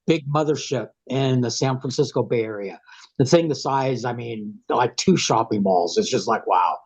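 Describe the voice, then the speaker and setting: A husky man with a head cold tells his story in a plain-spoken, rambling way. The recording sounds dull and lo-fi. His pitch sits in an ordinary middle range. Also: moderate pace. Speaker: guest. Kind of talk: casual storytelling.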